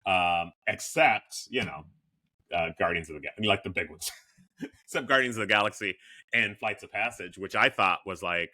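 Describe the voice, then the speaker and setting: Candid man in his fifties, bright voice. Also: on the low side. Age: 50s. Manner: candid, self-deprecating, with frequent restarts. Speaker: podcast co-host. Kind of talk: casual chat.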